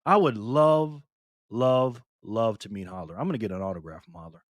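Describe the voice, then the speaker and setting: A man hosting a casual live stream, reading comments aloud and answering viewers by name in a lively, playful way with lots of laughs and slang. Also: fairly low pitch, moderate pace, no room sound. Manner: mixes slang and internet abbreviations into speech.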